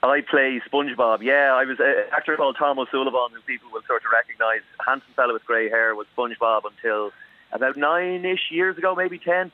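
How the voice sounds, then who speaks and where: A man's voice: medium pitch, brisk, no echo. A man, a voice actor chatting as a guest in a radio interview and telling stories with easy laughs. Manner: chatty, laughs easily, storytelling. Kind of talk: casual radio interview by phone. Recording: tinny phone line, dry.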